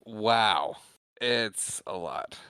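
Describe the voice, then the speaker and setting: A man's voice: lowish voice, lively intonation, drawn-out words, sharp tone, clear, resonant tone, no echo, clean studio sound. A man co-hosting a podcast, chiming in with short, wry reactions and quips. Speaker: podcast co-host. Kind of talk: casual chat.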